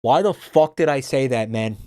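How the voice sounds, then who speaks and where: A man's voice: mid-range voice, moderate pace, darkish tone, dry recording. A man streaming, chatting casually and swearing freely, often breaking into laughter. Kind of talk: casual chat reacting to a game.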